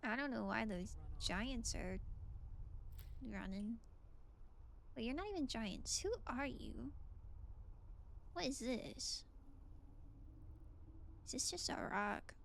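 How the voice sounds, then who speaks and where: Bright, gravelly high-voiced woman streamer. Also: slow pace, long pauses, slight background noise. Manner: relaxed, musing, reads and answers chat. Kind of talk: casual gameplay chat with chat.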